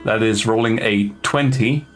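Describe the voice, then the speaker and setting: A man's voice: on the low side, unhurried, faint music behind. A man narrating a tabletop game as game master, rambling and hesitant with many fillers.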